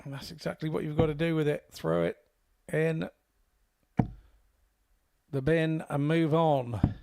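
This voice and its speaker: A man's voice: fairly high pitch, steady tone, a little slow, creaky, mellow, no echo. A man co-commentating on darts, jokey, with advice on the players' mindset. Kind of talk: live sports commentary.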